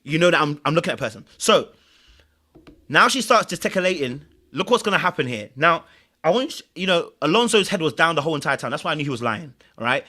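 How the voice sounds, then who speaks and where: A man's voice: fairly high pitch, sing-song, fast, pushed and bright. A man hosting a reaction commentary, animatedly explaining body language in clips and repeating phrases for emphasis. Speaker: host and commentator.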